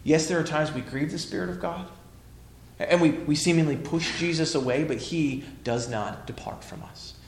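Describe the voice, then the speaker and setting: A male pastor preaching a sermon emphatically, swinging between loud declarations and hushed lines. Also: a little high, normal speed, echoey room, a little hiss or hum.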